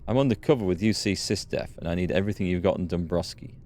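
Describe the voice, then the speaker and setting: A man's voice: low voice, fast, darkish tone. A man hosting a let's play, chatting and laughing through his commentary. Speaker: gaming video host.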